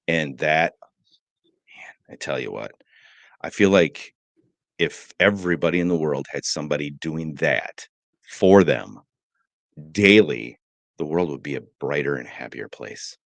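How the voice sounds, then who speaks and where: Deep-voiced joking man on a morning show. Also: measured pace, creaky, dry recording. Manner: rambling, joking storyteller. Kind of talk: casual chat.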